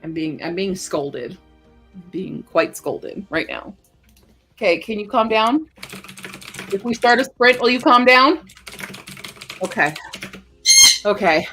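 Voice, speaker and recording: Bright, bubbly woman streamer. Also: mid-range voice, slow pace, long pauses, breathy edge, faint music behind. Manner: gushing, giggly, excitable. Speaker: writing streamer. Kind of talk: casual livestream chat.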